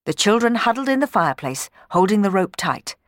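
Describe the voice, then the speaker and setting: A woman narrating a children's story from a book in an expressive, dramatic reading. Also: medium pitch, fairly quick, no room sound, clean studio sound.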